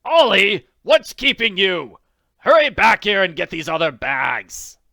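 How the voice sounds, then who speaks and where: A man voicing an angry, blustering villainous pilot, shouting impatiently. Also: high voice, very animated, a little slow, vocal fry, no echo, voice pushed up, full character voice.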